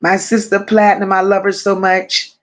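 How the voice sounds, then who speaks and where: A woman's voice: mid-range voice, level tone, moderate pace. A woman hosting a casual livestream, affectionately greeting viewers one by one and reading their comments aloud. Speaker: livestream host.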